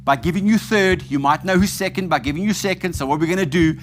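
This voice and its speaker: A man's voice: high voice, fast, a little hiss or hum. A man from South Africa hosting a live awards event on stage, telling a story with a comic twist before announcing winners. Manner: storytelling, playful, shifts to loud hype when announcing. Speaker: awards host.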